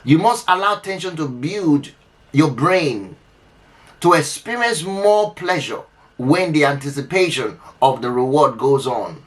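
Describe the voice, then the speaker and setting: A man with a slightly high voice and lively intonation speaks a little slowly while hosting an unscripted relationship advice talk to camera. He addresses the listener emphatically, often repeating and restarting his phrases.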